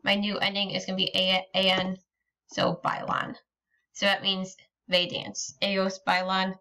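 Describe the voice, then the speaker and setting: A woman's voice: medium pitch, monotone, a little slow, bright, forceful tone. A woman teaching a recorded lesson, explaining patiently step by step with frequent ums. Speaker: Spanish teacher.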